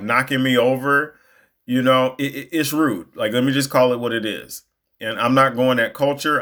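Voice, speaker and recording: A man's voice: mid-range voice, fairly bright tone. A man giving a casual, emphatic monologue, full of fillers and asides. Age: adult. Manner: conversational, emphatic, lots of fillers.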